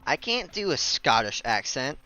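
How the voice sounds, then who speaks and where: A man's voice: medium pitch, big pitch swings, moderate pace, bright, forceful tone, no echo. A man chatting jokily with his viewers and narrating a visual novel aloud. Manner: chatty, jokey, talks to viewers. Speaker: voice actor reading a visual novel. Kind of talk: casual chat and game narration. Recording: dull lo-fi recording with faint music.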